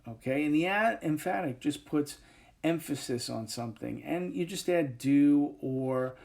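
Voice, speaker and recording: A male teacher giving a recorded grammar lesson over a whiteboard, talking in a relaxed way with many fillers and frequent checks of "okay". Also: fairly high pitch, unhurried, creaky. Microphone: tablet microphone, voice-over.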